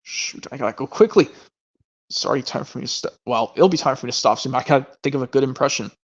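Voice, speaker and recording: A man hosting a casual chat stream about his movie collection, talking in a rambling way with quick asides. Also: medium pitch. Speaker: stream host. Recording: lo-fi stream audio.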